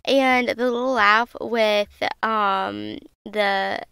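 A woman's voice: fairly high pitch, moderate pace, fairly bright tone, smooth, no room sound. A woman, hosting a podcast and gushing over music in bubbly, casual chat. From Southern United States. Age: 20s. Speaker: podcast host.

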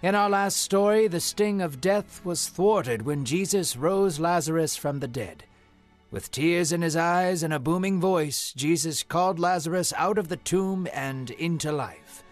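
A man narrating a scripted Bible story in a dramatic, expressive way. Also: on the high side, measured pace, soft background music.

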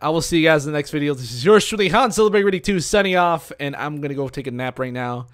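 A man's voice: fairly high pitch, lively intonation, fast talker, no room sound, studio quality. A young man, a gaming YouTuber, closing a let's-play video by talking casually and easygoingly to his viewers. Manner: casual, laid-back sign-off to viewers.

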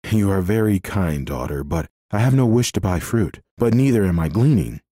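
A man's voice: low-pitched, moderate pace, no room sound. Man voicing a wry, learned young king. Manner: calm, dry wit. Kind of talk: audiobook character voice.

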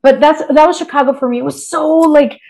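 A woman's voice: high voice, a little fast, vocal fry. Chatty woman rambling through stories. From Texas. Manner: lively, rambling, full of "like" and restarts. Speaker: guest writer. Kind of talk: casual interview chat.

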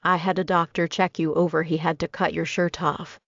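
A woman's voice: lowish voice, little pitch movement, normal speed, vocal fry, fairly bright tone, dry recording. A woman reading a teasing young cowboy. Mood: teasing calm. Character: charming shirtless young male cowboy. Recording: dry, dull lo-fi recording.

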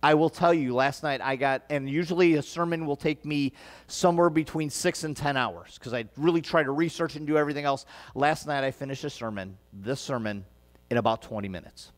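Man, pastor, Midwestern accent, higher-pitched voice, earnest sermon, long church reverb. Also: brisk. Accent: Midwestern American. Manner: earnest, conversational preaching with rising emphatic passages. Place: church sanctuary.

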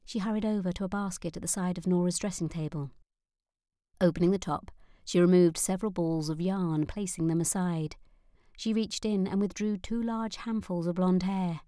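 A woman narrating an audiobook in a measured, even manner. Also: fairly low pitch, no echo. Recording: dry close studio sound.

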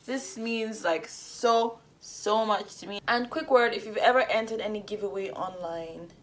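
A young woman excitedly unboxing makeup at home, gasping and gushing as she goes. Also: medium pitch, unhurried. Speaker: beauty vlogger.

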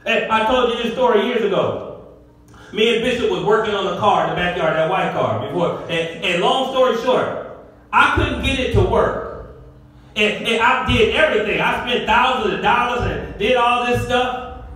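Male pastor, middle-aged, very high voice, call-and-response sermon, distant mic in a roomy hall. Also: normal speed. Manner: preaching with call-and-response, rising to shouts. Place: church sanctuary. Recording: echoey hall, far from the mic.

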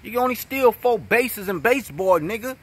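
A young man with a New York accent, delivering a mocking, profane trash-talking vlog rant about a battle rapper, jumping between loud jabs and low mutters. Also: expressive, fairly quick, husky. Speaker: battle rap commentator.

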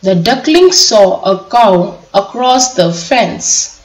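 A woman teacher giving an online lesson to young children, reading a story aloud slowly and spelling out words letter by letter. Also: medium pitch, lively intonation. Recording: echoey room.

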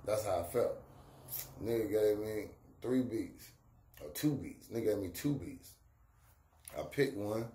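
A man's voice: fairly low pitch, a little slow, pauses often, mellow. A middle-aged man, a rapper, telling stories about his career in casual street slang, acting out the voices of the people he quotes. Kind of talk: casual storytelling. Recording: echoey room with faint ambient noise.

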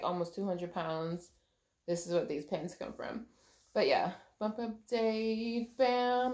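A young woman vlogging a casual pregnancy update, chatty and gushing, with lots of ums and likes. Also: mid-range voice. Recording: echoey room.

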